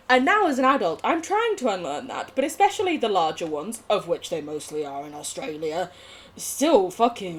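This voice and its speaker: A woman's voice: medium pitch, sing-song, normal speed, a little hiss or hum. A young woman streaming a game, chatting casually with viewers, giggling and swearing. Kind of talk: casual live gameplay chat.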